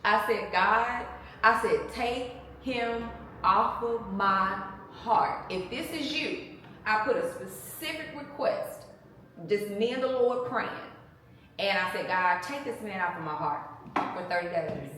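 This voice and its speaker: A woman's voice: mid-range voice, slow, sharp tone, slight background noise. A woman earnestly telling her side of a marriage testimony in casual chat, emphatic and devout. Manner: earnest, emphatic storytelling with religious fervor. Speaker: guest sharing marriage testimony. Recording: echoey room, mic at a distance.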